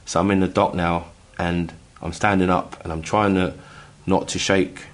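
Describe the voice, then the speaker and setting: A middle-aged man from England telling a personal story in casual chat, halting with many restarts and acting out the voices he quotes. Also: sits low, level tone. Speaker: guest telling his story.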